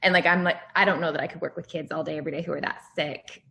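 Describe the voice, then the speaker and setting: Woman, 30s, podcast guest, relaxed candid chat, frequent laughs, lower-pitched voice. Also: racing, creaky, a little hiss or hum. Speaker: podcast guest, former pediatric healthcare worker. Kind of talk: casual chat.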